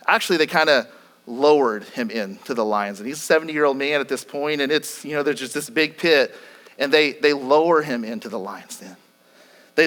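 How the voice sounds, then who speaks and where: A man's voice: on the high side, fairly bright tone. A male pastor preaching a sermon, retelling a scripture story earnestly, with frequent repetitions and restarts.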